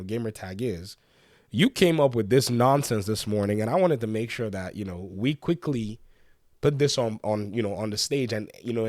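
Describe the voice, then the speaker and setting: A man's voice: mid-range voice, a little mellow, no echo, studio quality. A man with a cold and a congested voice, giving casual gaming commentary and defending his stance against a viewer's comment. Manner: defensive, argumentative, addresses a commenter directly.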